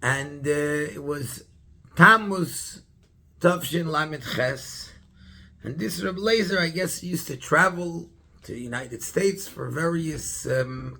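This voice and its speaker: Gravelly rabbi telling a story haltingly. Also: male voice, a little high, bright, forceful tone. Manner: halting, searching for words, many restarts. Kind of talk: storytelling in a Torah class.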